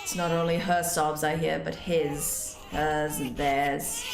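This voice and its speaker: A woman's voice: deep voice, slow pace, few pauses, reverberant, over music. Young woman reading a game aloud. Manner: expressive, breaks into panicked rambling. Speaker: gaming channel host. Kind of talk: dramatic reading of a visual novel.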